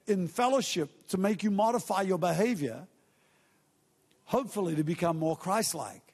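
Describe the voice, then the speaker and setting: A man's voice: a little high, husky, big-room sound. A male pastor preaching a conversational sermon, acting out everyday scenes and quotes as he goes.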